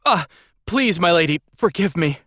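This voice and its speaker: A man's voice: on the high side, animated, moderate pace, a bit bright, smooth, dry recording, studio quality, voice pushed up. A man voicing a timid, weak-spirited boy butler who stammers and pleads for forgiveness. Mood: cowering, pleading.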